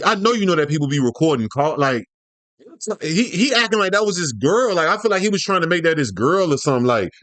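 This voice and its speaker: A man with a high voice riffs through casual reaction commentary in loose, profane slang. The sound is dry and close, with no room around it. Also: fairly bright tone, dry recording. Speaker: YouTube commentator.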